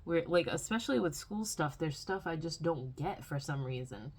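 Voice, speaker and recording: Low-voiced woman rambling vlog chatter. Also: lively intonation, moderate pace, breathy edge. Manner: rambling, complaining, with filler words and sighs. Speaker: vlogger. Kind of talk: casual diary-style vlog. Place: home.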